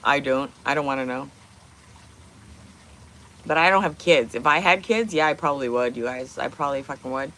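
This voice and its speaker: Woman streamer, low voice, blunt, opinionated, casual swearing, rhetorical questions. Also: moderate pace, pauses often, a bit bright. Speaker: livestream host. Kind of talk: casual livestream chat. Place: home kitchen.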